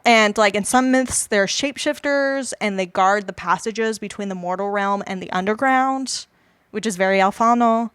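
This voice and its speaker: Woman podcast co-host, conversational, explains with many asides; medium pitch, dry close sound. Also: moderate pace, fairly bright tone, clean tone, no room sound. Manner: chatty, explains myths with many likes and asides. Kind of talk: casual film discussion.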